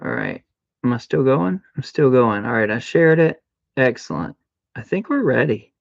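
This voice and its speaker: Animated chatty man streaming a game. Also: medium pitch, moderate pace, creaky, muffled recording. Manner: chatty, mock-dramatic, humming and singing sound effects. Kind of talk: casual live-stream chat while gaming.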